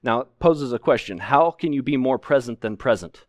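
A man delivers an expository sermon from a church pulpit, leaning hard on key words with earnest emphasis. His voice sits at a middle pitch, and the sound is dry and close to the microphone. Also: expressive, moderate pace, no room sound. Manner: earnest, emphatic preaching with frequent restarts. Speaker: pastor.

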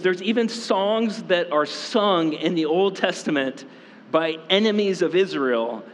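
A man preaching a sermon as pastor, talking casually with many fillers and quick asides. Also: fairly high pitch, slight background noise. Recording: long reverb in a hall.

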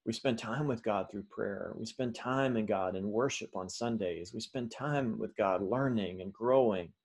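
A male pastor preaching a sermon in an animated way, with fillers and restarts. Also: lowish voice, unhurried, husky.

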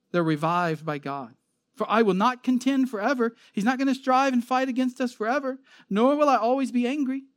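A man's voice: high voice, dry recording, studio quality. A man giving an expository sermon, reading scripture aloud and explaining it in an earnest, emphatic way. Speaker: preacher. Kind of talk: sermon, expository Bible teaching.

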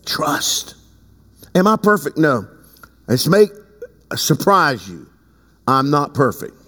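A man preaching a sermon as bishop of his church, talking conversationally and breaking into loud emphatic bursts. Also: on the high side, sing-song, slow. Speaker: bishop and pastor. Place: church sanctuary. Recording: long reverb in a large hall.

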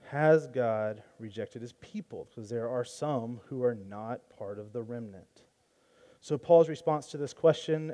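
A man's voice: medium pitch, dark tone. A man preaching a sermon as pastor, earnest and emphatic, asking rhetorical questions and reading scripture aloud.

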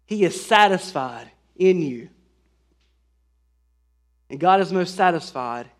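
A man preaching a sermon in an earnest way, with fillers and restarts, lifting his voice for scripture. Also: fairly high pitch. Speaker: pastor.

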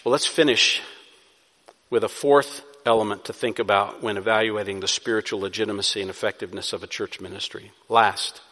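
With a fairly low, sharp-toned voice, a pastor delivers a sermon fairly quickly and with fairly even intonation, rising to emphatic high points and then settling back into conversation. The long reverb of a hall surrounds him.

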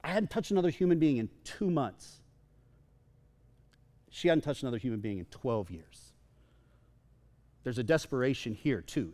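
A man preaching a sermon to a congregation, conversational and joking with the crowd. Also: mid-range voice. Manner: lively, conversational, jokes with the congregation. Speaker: pastor. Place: church sanctuary. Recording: long reverb of a large hall.

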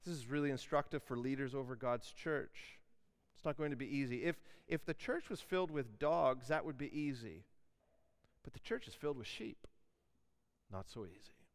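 A man preaching a sermon in an animated way, acting out questions and objections. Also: medium pitch, moderate pace.

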